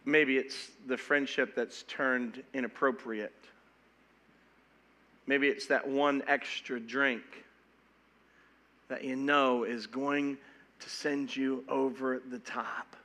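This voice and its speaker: A middle-aged pastor preaching a sermon in an animated, emphatic way, often stumbling and repeating words as he goes. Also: medium pitch, takes it slowly, long pauses.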